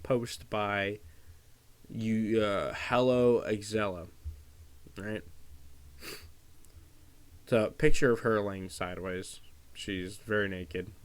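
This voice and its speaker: A man's voice: on the low side, steady tone, takes it slowly, long pauses, background noise. A man giving casual, profane commentary, sarcastic and openly disgusted. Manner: disgusted, sarcastic, swears a lot. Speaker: commentary vlogger.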